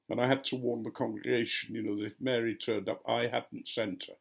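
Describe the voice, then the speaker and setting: A man's voice: medium pitch, level tone, brisk, creaky, hardly any pauses, husky. An older man, a retired vicar, telling a story casually and acting out the voices of the people in it. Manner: gently amused, acting out quoted voices.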